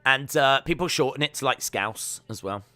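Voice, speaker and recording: A man's voice: medium pitch, lively intonation, normal speed, bright, forceful tone, no echo. A young man hosting a live stream, chatting casually with his viewers and breaking down fights, often trailing off with fillers. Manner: chatty, reads out chat questions, trails off with fillers. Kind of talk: casual watch-along commentary.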